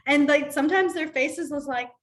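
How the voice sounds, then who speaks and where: A somewhat high-voiced woman leads an informal sign language class. She talks in a loose, chatty way, scattering fillers through her explanations and stories. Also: normal speed. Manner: chatty, filler-heavy, animated storytelling. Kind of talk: casual class teaching.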